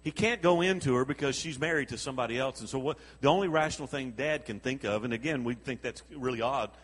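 Husky preacher in a reverberant hall. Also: male voice, medium pitch, quick pace. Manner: animated storytelling with chuckles and acted-out quotes. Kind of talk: sermon.

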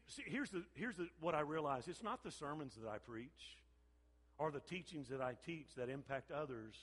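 An older man, a pastor, preaching a sermon with animated storytelling and repeated phrases. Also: mid-range voice. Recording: long hall reverb.

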